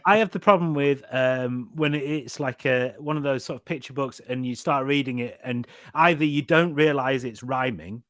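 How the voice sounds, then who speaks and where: A man's voice: mid-range voice, moderate pace, hardly any pauses, fairly bright tone, no room sound, studio quality. A man co-hosting a casual podcast chat, talking in a chatty, self-mocking way about reading to his kids. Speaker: podcast co-host.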